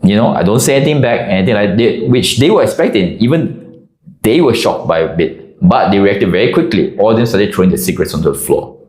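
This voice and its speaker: A man from Singapore narrates a personal army story in a low voice with lively, swinging intonation. He talks in an expressive, conversational way, and the room around him gives a clear echo. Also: a little fast. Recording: echoey room.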